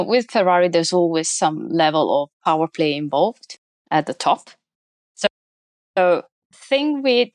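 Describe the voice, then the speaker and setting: Low-voiced woman chatting casually. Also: no room sound. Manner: chatty, laughs often, many restarts. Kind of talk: casual chat.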